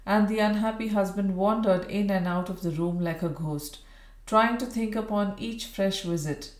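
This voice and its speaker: Woman, audiobook narration, steady measured reading, middle pitch, roomy echo. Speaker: audiobook reader. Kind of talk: storybook narration.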